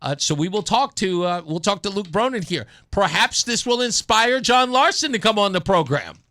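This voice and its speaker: Lively bright-voiced male radio host. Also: moderate pace. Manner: animated storyteller, acts out a phone call in a low mumbling voice. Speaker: radio talk show host. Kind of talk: casual radio chat.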